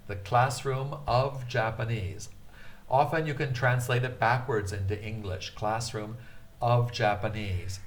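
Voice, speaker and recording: A man with a fairly low voice teaches a beginner Japanese lesson, hesitating and using many filler sounds. He repeats words slowly so students can practice.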